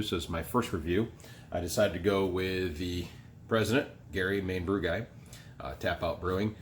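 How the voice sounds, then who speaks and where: Male host, slight country accent, deep voice, rambling and relaxed, filler-heavy. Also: slight background noise. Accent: rural American. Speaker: homebrewing video host. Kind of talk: casual beer review.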